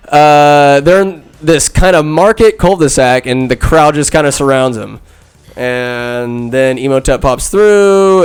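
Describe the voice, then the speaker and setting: A man hosting a podcast, recapping a film in a rambling, sarcastic comic style with loud asides. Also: medium pitch, clear, resonant tone. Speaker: podcast host. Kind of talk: comedic movie recap.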